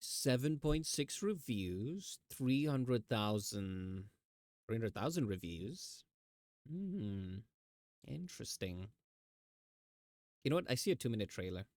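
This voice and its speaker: A man's voice: medium pitch, takes it slowly, long pauses, no room sound. Chatty male streamer, dry close mic. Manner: chatty, animated storytelling with mimicked voices. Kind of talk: casual chat.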